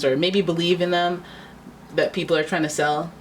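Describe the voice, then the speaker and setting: Chatty low-voiced woman reading tarot. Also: fairly even intonation, fairly quick, a little hiss or hum. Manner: chatty, dramatic, acts out little voices. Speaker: tarot reader.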